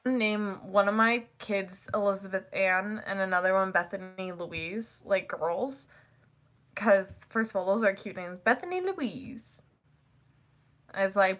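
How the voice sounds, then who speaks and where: Young woman, casual rambling chat, bright clear tone, giggly. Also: unhurried. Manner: rambling, giggly, acts out quotes in high voices. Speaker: vlogger.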